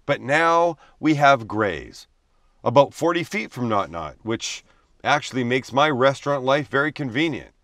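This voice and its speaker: A man's voice: medium pitch, fairly bright tone, no room sound, studio quality. A man, hosting a cooking show and narrating in a wry, self-deprecating voice-over. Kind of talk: voice-over narration with dry jokes.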